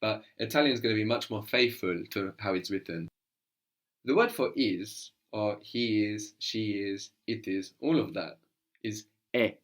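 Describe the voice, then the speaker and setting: Man, lowish voice, language teacher, patient, coaxing, models sounds slowly. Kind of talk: spoken language lesson with a student.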